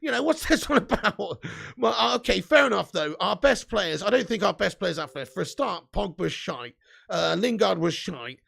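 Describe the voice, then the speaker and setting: Young man, live-stream host, high gravelly voice, sweary banter. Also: sing-song, normal speed, a bit bright. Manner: banter with frequent swearing and laughter. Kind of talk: casual live-stream chat.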